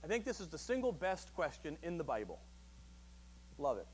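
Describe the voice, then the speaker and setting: A man with a rather high voice delivers a Sunday sermon at a church service. He talks conversationally, tosses questions out to the congregation and jumps into loud, vivid renditions of the people in his stories. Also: sing-song, moderate pace, husky. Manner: conversational, asks the audience questions; acts out quoted voices with sudden loud bursts. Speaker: pastor.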